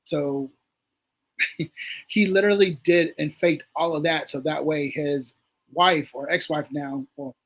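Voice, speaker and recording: A man with a husky, slightly raised voice tells a story loosely on a livestream. He acts out the quotes as he goes and swears freely. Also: a little high, fairly even intonation, measured pace, fairly bright tone. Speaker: guest.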